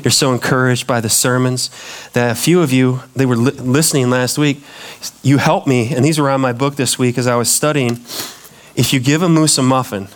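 A man's voice: mid-range voice, fairly even intonation, normal speed. A pastor preaching a sermon, emphatic and repetitive, putting questions to his congregation.

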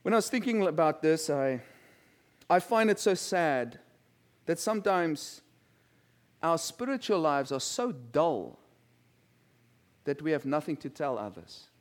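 High-voiced male preacher. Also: very animated, measured pace, pauses often. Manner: conversational, asks the congregation questions, repeats words. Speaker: pastor. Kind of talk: sermon with scripture reading.

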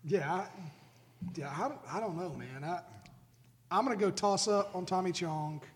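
Higher-voiced Southern man with reverb. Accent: Alabama Southern. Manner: agreeable, quick interjections. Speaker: podcast co-host. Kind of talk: casual chat.

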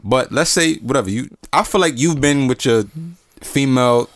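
A man's voice: medium pitch, normal speed, no room sound. A man co-hosting a casual podcast, laid-back and talking at length. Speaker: podcast co-host.

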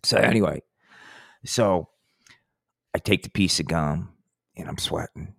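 Rambling, cursing man, deep and dry. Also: unhurried, gravelly, a bit bright, breathy edge, dry recording. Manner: rambling, profane, says "man" a lot. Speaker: podcast host. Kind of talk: profane storytelling monologue.

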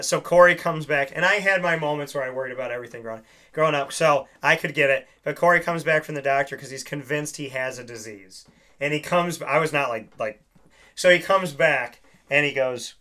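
A man's voice: mid-range voice, brisk. A young man hosting a casual chat, rambling through stories and acting out the lines he quotes. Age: young adult. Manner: rambling, animated storyteller who acts out quoted lines.

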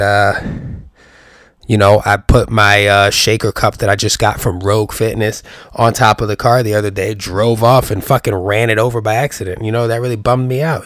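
In a casual solo monologue, this young podcast host from New York rambles through jokey, profane riffs full of rhetorical questions. He speaks in a mid-range voice, recorded with studio quality and no echo.

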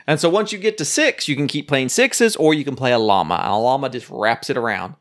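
A man's voice: mid-range voice, expressive, brisk, fairly bright tone. A man co-hosting a casual chat podcast, explaining a card game at length and ranting about game awards. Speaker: podcast co-host.

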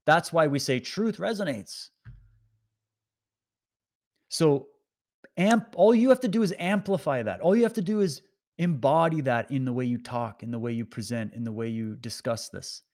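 A man's voice: medium pitch, animated, moderate pace, a little mellow. Impassioned man preaching to listeners. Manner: preachy, exhorting, rising to emphatic peaks. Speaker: online commentator. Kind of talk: impassioned motivational monologue.

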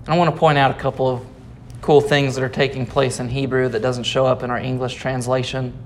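A man's voice: medium pitch, little pitch movement, a little fast, a little hiss or hum. A man preaching a Sunday sermon, explaining scripture patiently and repeating key phrases for emphasis. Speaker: pastor.

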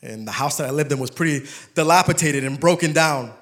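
A young man preaching a sermon, telling stories with humor and turning soft and emotional. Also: a little high, fairly quick.

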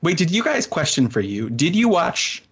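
A man's voice: a little high, sing-song, moderate pace, a bit bright, husky, highs cut off. A man guesting on a podcast, chatting casually and rambling with many restarts, from Philadelphia. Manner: rambling, self-interrupting. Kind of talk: casual chat.

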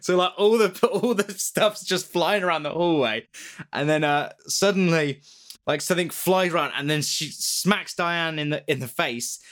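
A man casually retelling a ghost story on a podcast, rambling and animated, swearing and laughing often. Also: fairly high pitch, normal speed. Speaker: podcast co-host.

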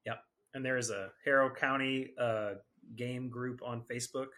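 Very bright, playful man on a podcast. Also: medium pitch, fairly even intonation, normal speed. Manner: playful, joking. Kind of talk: casual podcast chat.

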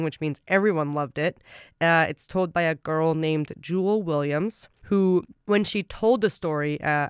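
A man's voice: on the high side, clear, resonant tone, no room sound, studio quality. A man hosting a storytelling program, introducing the next speaker in a chatty way with fillers. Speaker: host.

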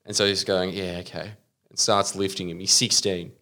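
A young Australian man on a casual podcast, telling a story with lots of swearing and loud acted-out quotes. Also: deep voice, a little fast. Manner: animated storyteller, swears, acts out quotes in loud put-on voices. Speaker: podcast host.

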